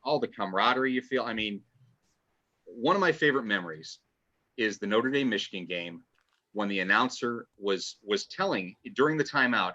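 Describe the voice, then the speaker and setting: A man's voice: fairly low pitch, lively intonation, moderate pace, sharp tone. A man speaking as a podcast guest, chatting enthusiastically and rambling with restarts. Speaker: podcast guest, fan writer. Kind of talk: casual podcast chat. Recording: dull lo-fi audio.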